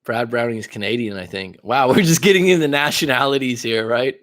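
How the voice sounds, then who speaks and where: A man's voice: medium pitch, expressive, a little fast, a bit bright. A man from California hosting a casual coaching livestream, rambling and chatty, swearing now and then. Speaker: life coach livestream host.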